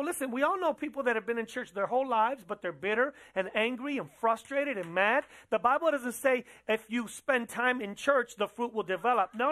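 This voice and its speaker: This sermon comes from a pastor whose voice sits at a medium pitch with a fairly bright tone. Speaking in a church, he keeps it conversational, asking listeners questions and driving points home through repetition.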